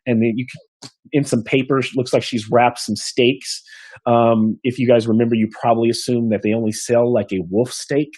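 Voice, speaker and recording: Rambling game master narrating a scene. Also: male voice, medium pitch, flat delivery, moderate pace, a little mellow, husky, no room sound. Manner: rambling, many fillers and restarts. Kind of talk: improvised tabletop game narration.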